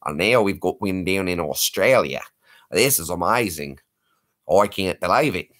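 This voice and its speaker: A man's voice: sits low, expressive, unhurried, pauses often, a bit bright. A man hosting a late-night livestream, chatting with viewers in a playful, joking way. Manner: playful, jokey, slips into put-on accents. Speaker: livestream host.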